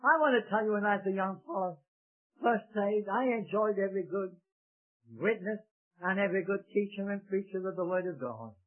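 A man's voice: high-pitched, moderate pace. Fervent preacher man, phone-like audio. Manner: fervent, rising to shouts, with fillers and self-corrections. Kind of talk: sermon. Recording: tinny phone-like recording.

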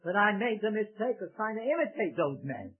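A preacher delivering a fervent sermon, rising to shouts and correcting himself as he goes. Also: high voice, sing-song, a little fast, husky. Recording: tinny phone-like recording.

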